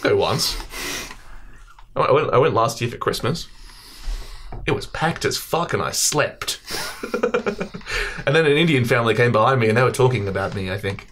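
A man's voice: mid-range voice, expressive, moderate pace, long pauses, a bit bright, a little hiss or hum. A young Australian man co-hosting a casual podcast, joking and swearing, self-mocking and laughing often. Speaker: podcast co-host.

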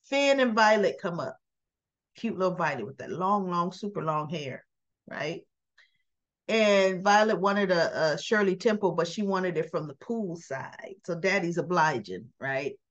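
A woman's voice: on the low side, a little slow. A woman casually recapping a daytime soap episode, acting out the characters' lines as she tells it. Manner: animated retelling, acts out dialogue in quotes. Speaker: soap opera reviewer. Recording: slightly dull lo-fi audio.

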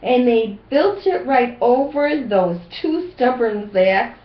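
An older woman reading a picture book to children, talking in a gentle, grandmotherly way. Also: a little high, expressive, takes it slowly. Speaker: storybook reader. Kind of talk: children's read-aloud with gentle advice. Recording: roomy, dull home recording.

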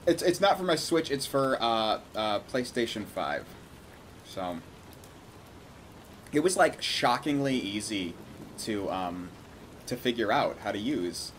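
A man's voice: medium pitch, expressive, slow pace, long pauses, slight background noise. A man hosting a casual livestream, greeting viewers by name and chatting loosely with some swearing. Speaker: livestream host.

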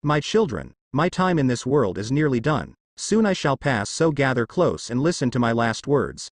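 A man reads a grave old sage who speaks in measured, fatherly tones. The voice is dry and close, with a lively pitch. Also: no echo. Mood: solemn.

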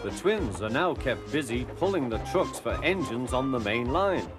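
Brief: male storybook narrator, gentle and animated. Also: medium pitch, moderate pace, music in the background.

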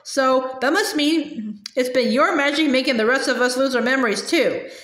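A woman voicing a small, polite, fatherly cricket who speaks quickly and earnestly while reading a storybook aloud. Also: sits high, fairly bright tone, roomy sound. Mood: concerned.

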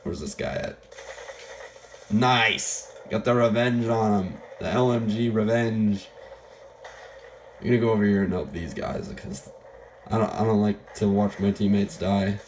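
Unhurried and fairly low-pitched, a young male gameplay commentator takes long pauses while covering a shooter game live, with slight background noise. Illness is fading his voice, and he rambles and pokes fun at himself.

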